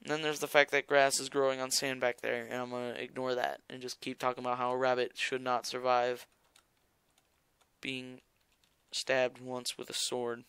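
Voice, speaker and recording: A man's voice: medium pitch, level tone, normal speed, fairly bright tone, clear, resonant tone, no echo. A young man rambling through casual gameplay commentary as a gaming YouTuber, joking and talking straight to his viewers. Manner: rambling, jokey, talks to viewers.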